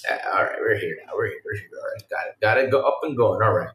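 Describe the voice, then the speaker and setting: A man hosting a casual live-stream podcast, talking excitedly and loosely to his chat with lots of fillers. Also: lowish voice, quick pace, roomy sound, slight background noise.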